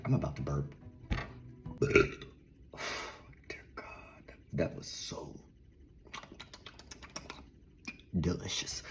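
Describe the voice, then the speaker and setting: A man's voice: a bass voice, a little mellow. A man with a Southern drawl, hosting a channel and casually talking through articles he read, rambling with asides and mutters while speaking to his own camera. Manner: rambling, self-interrupting, drops into asides and mutters. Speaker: channel host. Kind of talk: casual commentary on reading articles.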